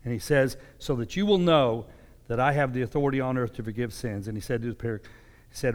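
A man's voice: mid-range voice, fast talker. A man giving a sermon, reading scripture and explaining it in a conversational preaching manner. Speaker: pastor. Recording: long hall reverb.

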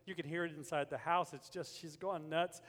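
Older preacher in a reverberant hall. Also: male voice, on the high side, fairly even intonation, fairly quick. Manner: storytelling, rising to forceful preaching. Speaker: pastor. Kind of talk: sermon.

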